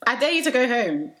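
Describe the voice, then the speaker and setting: A woman's voice: mid-range voice, a bit bright. A young woman giving a chatty, opinionated reality TV recap vlog, laughing often and addressing viewers directly. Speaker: reality TV reviewer. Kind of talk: casual commentary vlog.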